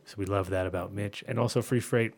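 A man's voice: on the low side, steady tone, quick pace. A man hosting a casual podcast chat, joking and swearing freely. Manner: joking, profane, jumps into funny put-on voices. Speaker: host.

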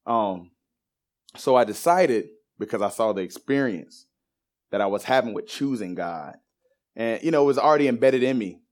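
Man telling his faith story animatedly. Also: lowish voice. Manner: animated storyteller who acts out quoted voices. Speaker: speaker giving a personal testimony. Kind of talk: personal faith testimony.

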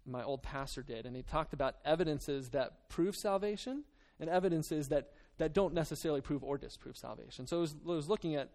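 A man's voice: a little high, fairly quick, few pauses, darkish tone. A man preaching a sermon to his church, reading scripture, then talking in a loose, earnest way with many restarts and fillers. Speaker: pastor.

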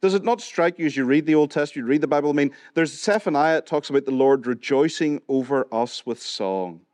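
A man's voice: fairly high pitch, a little fast, darkish tone, no echo. A man with a Northern Irish accent preaching a sermon in a conversational way, putting questions to the congregation and joking now and then. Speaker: pastor. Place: church hall.

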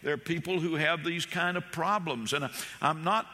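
Male pastor, sermon, impassioned and repetitive, very bright tone, long church reverb. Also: a little high, moderate pace. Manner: impassioned preaching, repeats phrases, tells folksy stories.

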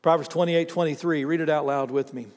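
High-voiced man preaching in a reverberant hall. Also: fairly quick. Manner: animated storytelling, acts out voices, asks the congregation to respond. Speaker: pastor. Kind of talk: sermon. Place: church hall with congregation.

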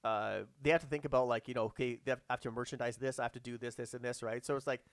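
A man's voice: mid-range voice, steady tone, very fast, dry recording, clean studio sound. Rambling man, full of fillers. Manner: rambling, many "like" fillers and restarts. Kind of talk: casual chat about movies.

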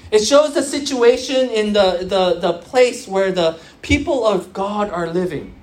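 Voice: mid-range voice, expressive, unhurried, a little mellow. A preacher of Korean background giving an earnest sermon to young churchgoers, repeating phrases for emphasis and restarting often with fillers.

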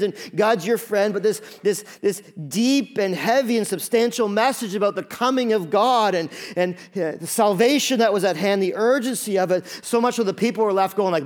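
Male pastor, high voice, lively, jokey sermon delivery. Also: normal speed, hardly any pauses. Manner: animated, joking, conversational. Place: church before a congregation.

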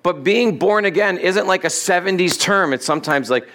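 A man's voice: sits high, animated, moderate pace, bright, forceful tone. A middle-aged man, a pastor, preaching an expository sermon in a loose, conversational way, laughing at his own asides and acting out the people in the text. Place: church sanctuary.

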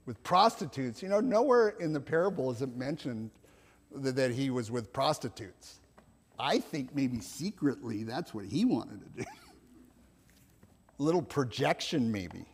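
A male pastor preaching a sermon in a church, reflective and gentle, with soft laughs and restarts. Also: medium pitch, lively intonation, unhurried, husky, long reverb tail.

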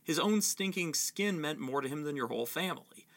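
A man's voice: on the high side, expressive, fairly quick, a bit bright. A man doing a snarling, vengeful escaped convict. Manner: snarling, intense. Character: bitter, vengeful adult male escaped prisoner.

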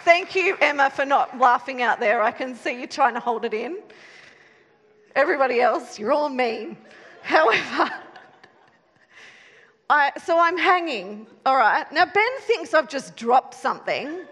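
A woman with a high voice tells a story to a live audience, lively and self-mocking, laughing at her own mishaps. Her voice carries a long reverb, as if spoken in a large hall. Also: unhurried. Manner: animated, self-mocking, laughs while telling. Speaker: speaker telling a story to an audience. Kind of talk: storytelling talk with a moral.

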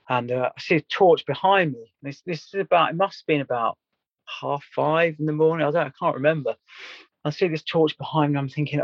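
A man's voice: on the high side, fairly quick, no echo, muffled recording. A man earnestly recounting a story in a candid podcast chat, rambling and restarting as he goes. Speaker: guest.

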